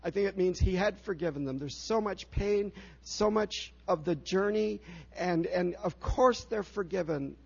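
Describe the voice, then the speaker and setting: A man preaching a sermon as pastor, earnest and emphatic, slowing down to stress key phrases. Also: high-pitched, gravelly, husky, lo-fi sound.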